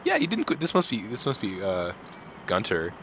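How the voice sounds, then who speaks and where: A man's voice: wildly swooping pitch, normal speed, a bit bright. A man co-hosting a gameplay video, chatting casually and laughing often. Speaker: co-host playing a farming game. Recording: muffled low-fi mic with faint hiss.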